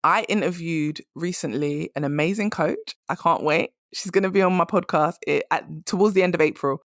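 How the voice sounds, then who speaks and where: A woman's voice: fairly low pitch, dry recording, studio quality. A woman hosting a podcast, giving direct, emphatic career advice in a casual monologue. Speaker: career coach and podcast host.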